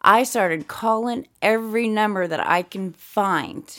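Speaking a little slowly at a medium pitch with a bit of brightness, a middle-aged woman co-hosts a podcast. Her animated storytelling is blunt and profane, and she acts out each character.

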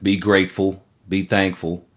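Low-voiced guy cussing and joking on a chill podcast. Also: completely flat delivery, normal speed. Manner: profane, laughing, loose storytelling. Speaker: podcast co-host. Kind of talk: casual podcast chat.

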